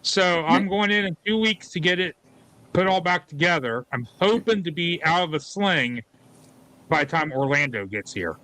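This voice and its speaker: A man's voice: on the high side, lively intonation, normal speed, sharp tone, poor audio. A man chatting as a guest on a livestream in a plain, matter-of-fact way, over a video call. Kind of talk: casual chat.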